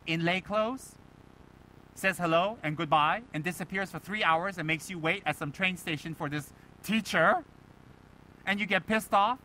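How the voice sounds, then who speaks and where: A Buddhist teacher giving a dharma talk to students, animated and emphatic, firing rhetorical questions and mimicking other people. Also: male voice, high voice, moderate pace, a little hiss or hum, rough recording.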